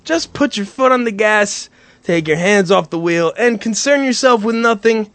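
A man's voice: high voice, lively intonation, normal speed, fairly bright tone, dry recording. A man hosting late-night comedy radio, talking in a laid-back, teasing way. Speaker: radio host.

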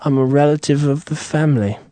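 A man's voice: a little high, a little fast, mellow, no echo, lightly acted. A man voicing an Italian-American man who fakes a polite, formal British accent. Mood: overly polite. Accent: put-on British.

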